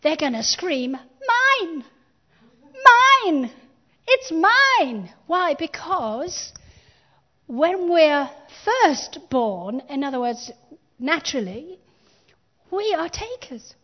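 A woman pastor delivers a sermon in a high, bright-sounding register, taking her time over each phrase. She stresses key words with rising emphasis and invites the congregation to speak along. The recording is dull and lo-fi, like a church capture. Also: big pitch swings, slow. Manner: emphatic preaching with call-and-response.

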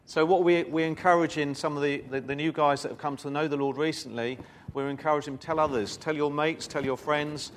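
A man's voice: a little high, steady tone, brisk, hardly any pauses, a little hiss or hum. A man giving a sermon, reading scripture aloud and breaking it up with informal, chatty asides to his congregation. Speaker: preacher.

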